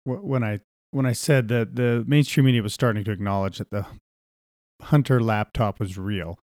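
A man's voice: on the low side, moderate pace, a little mellow, no echo, clean studio sound. A man co-hosting a podcast in casual conversation, hesitant and full of fillers. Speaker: podcast co-host.

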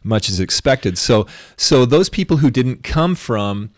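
A man's voice: mid-range voice, animated, a little slow, dry recording, studio quality. A man co-hosting a podcast, talking through religious ideas in a musing way, often checking in with "right?" and restarting his thoughts. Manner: musing, thinks aloud with restarts and tag questions. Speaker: podcast co-host. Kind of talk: casual religious discussion.

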